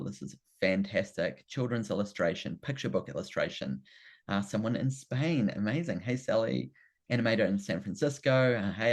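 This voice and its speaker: A man with a New Zealand accent hosting a live online workshop, eagerly greeting people and repeating words like fantastic and amazing. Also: fairly low pitch. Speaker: workshop host. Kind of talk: upbeat live webinar hosting. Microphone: video call.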